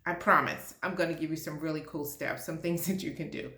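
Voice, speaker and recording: A woman's voice: low-pitched, steady tone, fairly quick, pushed and bright, reverberant. A woman speaking as an HR and diversity leader, talking to camera in a passionate, emphatic rant. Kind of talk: direct-to-camera talk.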